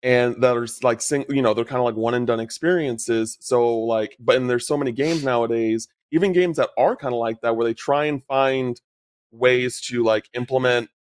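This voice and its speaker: A man's voice: medium pitch, fairly even intonation, normal speed, clear, resonant tone, dry recording, studio quality. A young man co-hosting a gaming podcast, easygoing and filling his talk with "like". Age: young adult. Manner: easygoing, heavy use of "like". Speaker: podcast co-host. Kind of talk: casual gaming podcast chat.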